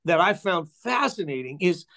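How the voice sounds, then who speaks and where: An older man with a somewhat high speaking voice tells stories in a relaxed interview. He is animated and keeps slipping into little voices for the people he quotes. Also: normal speed, gravelly. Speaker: interview guest, musician. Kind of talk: casual conversation, storytelling.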